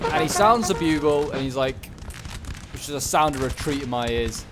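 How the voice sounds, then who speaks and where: A man giving casual, rambling commentary on a strategy game battle, excitable and talking back to the units on screen. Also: mid-range voice, a little fast, over loud music. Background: gunfire and battle sounds.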